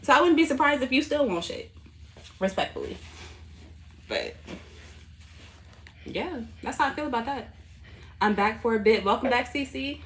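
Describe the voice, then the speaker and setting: A woman in her late twenties hosting a tarot livestream, telling stories in an animated, cursing, laughing way. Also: sits high, moderate pace, pauses often. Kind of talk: casual livestream chat. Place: home, indoors.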